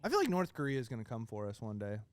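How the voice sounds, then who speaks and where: A man's voice: mid-range voice, wildly swooping pitch, very fast. A man co-hosting a comedy podcast, playful and teasing in casual chat. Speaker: podcast co-host.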